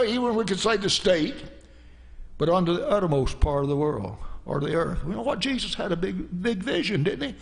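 A man's voice: sits high, animated, normal speed, vocal fry. A male pastor preaching a sermon in a church, telling stories in a folksy way and dropping in frequent amens. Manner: folksy storytelling, peppered with "amen".

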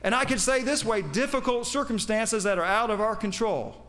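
A man's voice: high-pitched, moderate pace, fairly bright tone. A man preaching a sermon, quoting scripture with emphasis and putting questions to his congregation. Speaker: pastor.

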